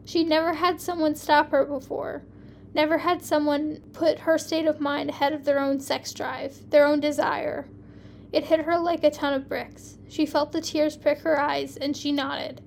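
A woman hosting a podcast, reading her fan fiction aloud in a plain, even storytelling way with small slips. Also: high voice, unhurried, vocal fry, a little hiss or hum.

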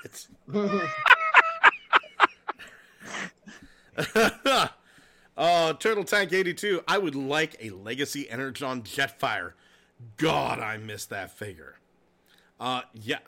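A man with a bright, forceful and fairly high voice hosts a casual podcast chat. He tells stories animatedly, swears freely and laughs often, over a home podcast mic. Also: measured pace, creaky, pauses often. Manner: profane, laughing, animated storytelling. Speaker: podcast host.

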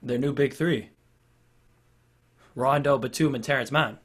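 A man's voice: medium pitch, a little slow. A man co-hosting a casual sports podcast, laid-back, mostly chiming in with short agreements and dry jokes. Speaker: podcast co-host.

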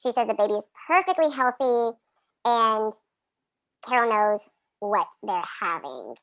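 A chatty woman in her thirties with a high voice, recapping a sitcom with a friend. The sound is dry and close. She laughs often and acts out the lines she quotes. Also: lively intonation, unhurried, fairly bright tone, dry recording. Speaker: podcast co-host. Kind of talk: casual chat recapping a sitcom episode.

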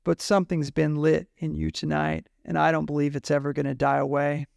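A man voicing a warm, kindly Australian man who speaks in a tender, reassuring way. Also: on the high side, completely flat delivery, fairly quick, vocal fry, no echo, clean studio sound.

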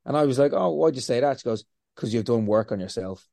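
A man being interviewed, telling lively stories, swearing freely and acting out what he said to himself. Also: medium pitch, fast talker, creaky, no echo. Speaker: interview guest. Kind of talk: casual storytelling.

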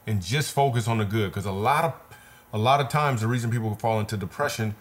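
A man with a fairly low voice tells a personal story in an interview. He talks in an earnest way, repeats words for weight and retells scenes vividly. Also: fast talker. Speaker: comedian guest. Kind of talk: conversational storytelling.

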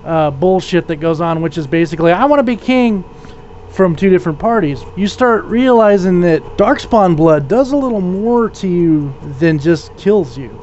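A man with a notably high voice talks in a rambling, profane way and often restarts mid-sentence. It is casual podcast chat. The recording is dull and lo-fi, with faint background noise. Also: expressive, normal speed, darkish tone.

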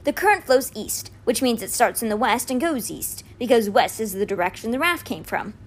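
A woman's voice: fairly high pitch, animated, normal speed. A woman voicing a joking, confident young boy in a raised, playful voice.

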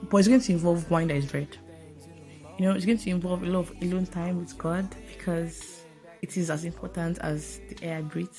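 Woman, podcast host, casual voice note, chatty, playful, lowish voice, faint music behind. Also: a little mellow. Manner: chatty, playful, self-mocking asides.

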